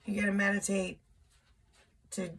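A woman doing a casual solo tarot reading, slow and musing, thinking aloud with blunt asides. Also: mid-range voice, completely flat delivery, fairly bright tone, breathy edge. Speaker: tarot reader. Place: indoor room with a window.

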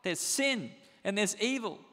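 This is a man delivering a sermon with a fairly high, bright voice. He preaches in an animated, conversational way and keeps asking rhetorical questions. The sound carries the long reverb of a church hall. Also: measured pace. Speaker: pastor.

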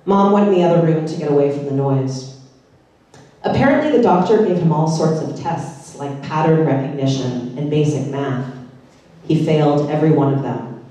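A woman reading her own fiction aloud with dry, deadpan delivery at a public literary event in a large synagogue hall. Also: low-pitched, normal speed. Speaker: author reading her novel. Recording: echoey hall from far off.

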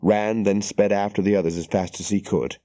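With a lowish voice and an even, deliberate delivery, this male narrator tells an audiobook story; the recording is dry.

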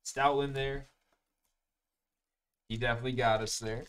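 A man's voice: mid-range voice, fairly even intonation, moderate pace, a bit bright, clean tone. A young man hosting a live card break, chatting casually and calling out each card as he opens packs. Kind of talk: live-streamed pack opening chat.

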